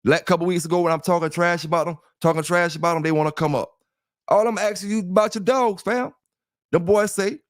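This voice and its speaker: Man, middle-aged, rambling livestream host, raised pitch, dry close sound. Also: fast talker, no echo. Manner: rambling and repetitive, addressing listeners directly. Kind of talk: casual chat.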